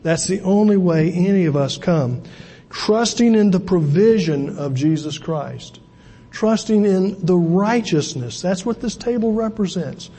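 High-voiced man preaching in a reverberant church. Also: animated, measured pace, warm tone, slightly rough. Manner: conversational preaching with asides and repeated words. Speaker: pastor. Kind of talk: sermon. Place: church sanctuary. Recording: long hall reverb.

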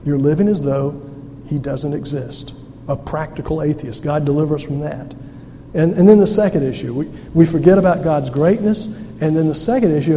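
A man's voice: fairly high pitch, dark tone. A man preaching a sermon in a folksy, humorous and emphatic way, recorded in a church sanctuary. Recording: echoey hall with faint noise.

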